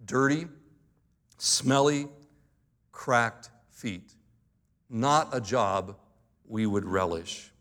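An earnest pastor preaching at a mid-range pitch, his delivery measured and emphatic. He drags out key words for weight, then eases into light humorous asides before returning to the point. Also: fairly bright tone. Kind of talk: sermon.

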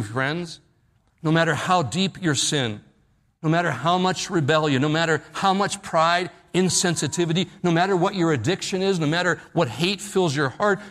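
A middle-aged man preaching a sermon in a slightly higher voice than most men. He slows right down and sinks low at the end of each key phrase, as if pressing it home to the congregation. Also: a bit bright. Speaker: pastor. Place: church service at night.

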